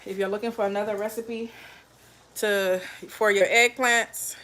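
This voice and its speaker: A woman's voice: medium pitch, steady tone, unhurried, pushed and bright, slight background noise. Chatty woman cooking live for viewers. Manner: chatty, talks straight to viewers, reads out comments. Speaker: cooking livestream host. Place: home kitchen.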